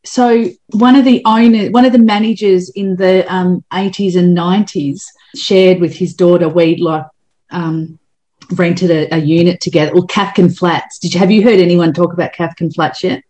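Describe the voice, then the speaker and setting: A woman in her fifties hosts a podcast with frank, chatty talk and easy laughs. Her voice sits somewhat low for a woman. She speaks casually and openly. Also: fairly even intonation, normal speed, dark tone. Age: 50s. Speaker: podcast host. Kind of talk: casual chat.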